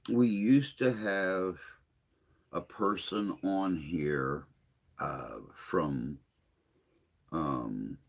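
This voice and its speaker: A man hosting a casual livestream chat, answering viewer comments in a rambling, hesitant way with long pauses. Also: deep voice, vocal fry. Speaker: livestream host.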